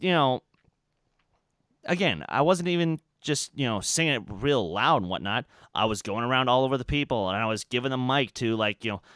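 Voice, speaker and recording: A young man co-hosting a podcast, telling a story in casual chat, animated and full of fillers and restarts. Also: medium pitch, dry recording. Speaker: podcast co-host.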